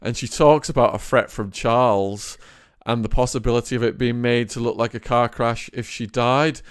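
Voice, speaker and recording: Smooth-voiced male podcast host. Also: mid-range voice, fairly even intonation, normal speed. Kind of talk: interview questions.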